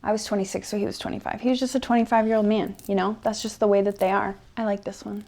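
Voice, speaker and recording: A young woman rambling through a personal story in ASMR role-play, with plenty of fillers. She swings between soft, close murmurs and animated bursts. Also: medium pitch, fast. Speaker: ASMR creator.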